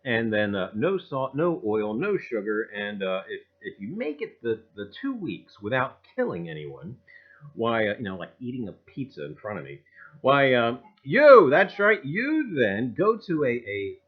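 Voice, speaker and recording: A man's voice: medium pitch, wildly swooping pitch, moderate pace, narrow, tinny audio. A man hosting a casual livestream, joking around and greeting viewers by name, with lots of filler words. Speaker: livestream host.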